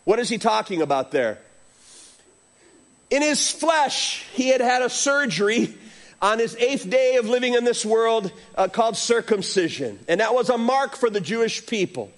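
Male pastor, middle-aged, lively storytelling sermon, high voice with big swings. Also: normal speed. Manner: animated storytelling preacher, acts out voices.

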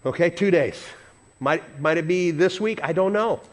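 A man preaching to a church congregation, animated and playful, sometimes leading the room in song. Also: a little high, moderate pace. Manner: animated, playful, acts out voices and leads congregation singing. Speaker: pastor. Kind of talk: sermon.

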